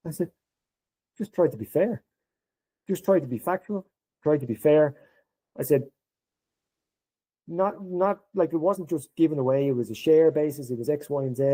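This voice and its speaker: A middle-aged Irish man appears as a podcast guest, animatedly telling an anecdote and performing the quoted lines of the people in it. His voice sits on the high side at a normal pace, with frequent pauses, and the audio quality is poor.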